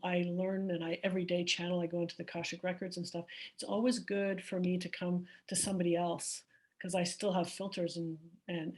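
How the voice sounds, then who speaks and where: A woman hosting an interview in casual chat, laughing and affirming her guest. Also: fairly low pitch. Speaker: interview host.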